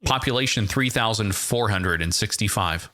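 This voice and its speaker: A man's voice: on the low side, moderate pace, pushed and bright. A man hosting a casual podcast quiz, reading out facts in a dry, teasing way. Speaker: podcast host running a quiz. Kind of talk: casual chat.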